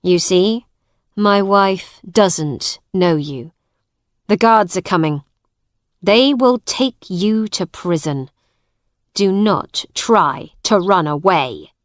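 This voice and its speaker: A stern, hostile younger brother talks coldly in a raised voice, read by a woman. He speaks very slowly, and the sound is dry and close. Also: on the low side, a bit bright, clear, resonant tone, no echo. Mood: angry. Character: cold, hostile younger brother, a grown man.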